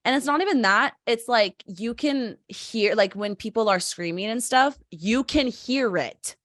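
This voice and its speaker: A woman's voice: a little high, animated, a little slow, a bit bright, dry recording. A woman in her twenties hosting a casual podcast, chatty and swearing freely as she acts out quotes. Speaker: podcast host.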